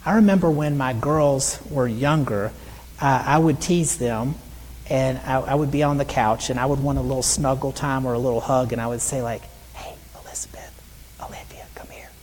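A middle-aged man preaching a sermon in an earnest way, reading scripture aloud slowly. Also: medium pitch, darkish tone, long reverb tail, slight background noise, poor audio. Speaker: pastor.

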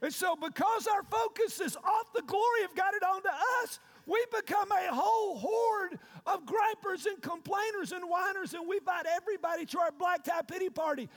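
A man preaching a sermon, shouting and calling out questions to his congregation. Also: very high voice, normal speed, hardly any pauses. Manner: preaching with loud shouted call-and-response. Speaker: pastor. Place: church sanctuary. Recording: long reverb of a large hall.

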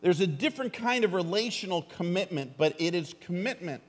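A man's voice: high-pitched, expressive, brisk, few pauses. Man preaching in a reverberant hall. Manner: earnest preaching with dry jokes and calls to the congregation. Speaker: pastor. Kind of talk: sermon.

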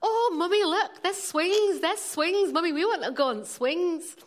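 High squealing little boys, Leeds accent, pleading, put on by a woman. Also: animated, a little slow. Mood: excited. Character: excited little boys, young brothers.

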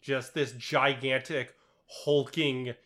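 A man's voice: medium pitch, little pitch movement, slow pace, a bit bright. A young man chatting casually about a movie, rambling with lots of fillers and swearing. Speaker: podcast co-host.

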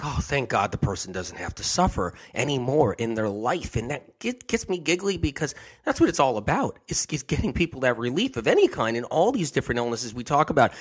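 A man's voice: medium pitch, a bit bright. Guy hosting a health radio show, giggly, pushy, says stuff twice. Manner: giggly, emphatic, repeats himself. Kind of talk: casual monologue on a health show.

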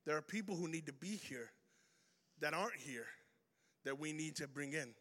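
A man preaching an energetic sermon, telling a story and swinging between loud bursts and hushed lines. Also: fairly high pitch, normal speed. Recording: reverberant hall.

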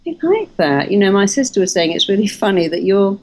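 A woman's voice: medium pitch, fairly quick, a little hiss or hum, low-quality recording. A woman, a hypnotherapist, talking emphatically in a casual interview and telling stories. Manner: emphatic, animated storytelling with acted quotes. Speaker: hypnotherapist and therapist trainer.

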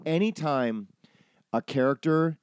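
A man casually telling a long story from his film-set days, animated and profane, acting out the people he quotes. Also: a little high, unhurried, smooth, no echo. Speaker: podcast host telling a story.

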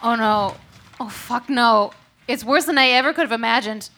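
A woman's voice: on the high side, normal speed, sharp tone. A woman playing a spaceship crew member in an improvised comedy, blunt and wisecracking. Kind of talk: improvised comedy role-play.

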